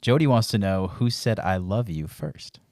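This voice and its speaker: A man with a very deep voice reads out listener questions. He keeps things easygoing and laughs along often. His voice sounds dry and close. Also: normal speed, darkish tone, no echo. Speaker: interviewer reading listener questions. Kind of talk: casual interview.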